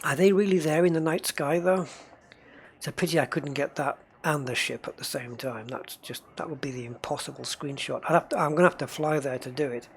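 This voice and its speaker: A man's voice: on the high side, a little fast, a little hiss or hum. A man giving casual gameplay commentary, chatty, talking to himself and the game and chuckling often. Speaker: gamer narrating his play.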